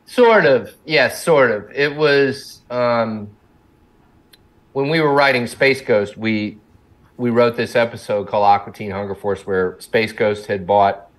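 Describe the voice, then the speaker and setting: A middle-aged man who co-created a cartoon chats casually as an interview guest, rambling, self-deprecating, and laughing frequently. He has a mid-range voice and a measured pace.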